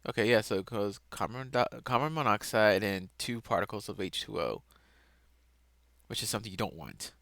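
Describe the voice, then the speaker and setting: A man giving a casual, rambling home-made lesson, correcting himself as he goes and sometimes bursting out loudly. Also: lowish voice, animated, moderate pace, no room sound, studio quality. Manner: casual, self-correcting, laughs at own mistakes, sudden loud outbursts. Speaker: lesson presenter.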